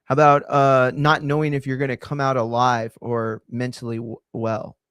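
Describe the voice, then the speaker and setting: A man's voice: mid-range voice, flat delivery, normal speed, a bit bright, clean tone, dry recording. Sarcastic, profane male host. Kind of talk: reaction commentary.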